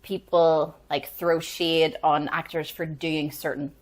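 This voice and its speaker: A woman's voice: low voice, little pitch movement, takes it slowly. A woman, a guest chatting casually and telling anecdotes, full of "like" fillers.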